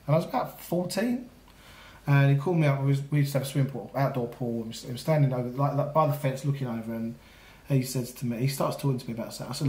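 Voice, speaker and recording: A man's voice: mid-range voice, rapid-fire, darkish tone. A man, telling a story in a casual podcast chat and acting out the voices in his quotes. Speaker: podcast co-host. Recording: echoey room.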